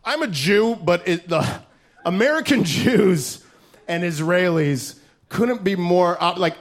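A man doing a stand-up set, brash and profane, shouting his punchlines on a handheld stage mic. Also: on the high side. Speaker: stand-up comedian. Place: comedy club stage. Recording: crowd laughter, noisy club. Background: laughing crowd.

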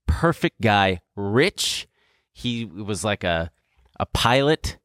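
A young man casually telling a story in an animated way, laughing and swearing as he goes. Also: lowish voice, slow pace, dry recording, clean studio sound.

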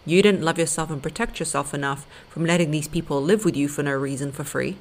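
A woman's voice: deep voice, fast talker, darkish tone. A woman hosting a podcast, giving blunt, emphatic relationship advice straight to her listeners. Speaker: podcast host and dating coach.

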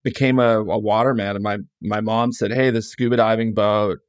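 A man's voice: lowish voice, normal speed, no echo, studio quality. A middle-aged man from California, casually telling stories in an interview with lots of restarts and quoted dialogue. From California, USA. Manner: relaxed, rambling, frequent restarts and quoted dialogue. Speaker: guest author.

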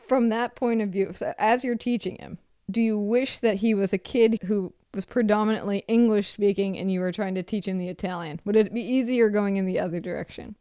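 Mellow-voiced woman interviewer, dry sound. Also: mid-range voice, steady tone, brisk, smooth, dry recording. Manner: attentive, asks questions. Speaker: podcast co-host. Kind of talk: casual interview chat.

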